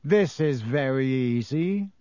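A man's voice: a little high, darkish tone, no room sound, clean studio sound, lightly acted. A man voicing a spoiled teenage boy who drawls and sneers. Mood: sneering. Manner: slow mocking drawl.

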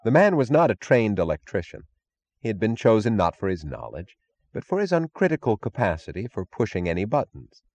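A man narrating an audiobook in an expressive, dramatic reading. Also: on the low side, no room sound, highs cut off.

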